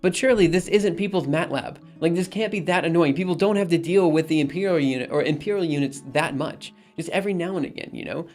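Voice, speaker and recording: With a slightly high, somewhat mellow voice, an American young man chats casually on a live stream. He rambles, reads viewers' messages out loud, and keeps insisting everything's fine, exasperated but reassuring.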